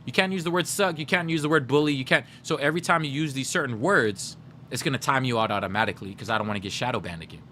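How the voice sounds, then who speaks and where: A man's voice: medium pitch, fast, bright, forceful tone, slight background noise. A man streaming live, chatting casually with his viewers and telling stories straight to chat. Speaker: gaming livestreamer.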